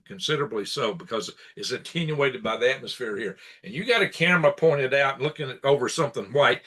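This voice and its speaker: A man's voice: medium pitch, pushed and bright, slightly rough. A man hosting his own live-stream show, chatting casually in an aggravated, rambling rant broken up by chuckles. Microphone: computer setup for live broadcast.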